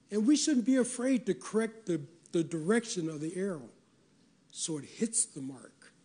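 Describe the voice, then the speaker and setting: A man's voice: high-pitched, animated, moderate pace, warm tone, slightly rough. A male pastor preaching a folksy, emphatic sermon to his congregation, slipping into quoted voices.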